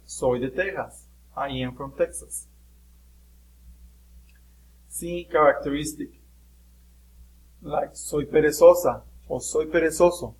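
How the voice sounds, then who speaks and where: A man's voice: mid-range voice, darkish tone, low-quality recording. A man teaching a lesson, explaining patiently with occasional fillers. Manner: explains patiently with fillers, switching between English and Spanish. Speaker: Spanish teacher. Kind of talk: recorded classroom lesson.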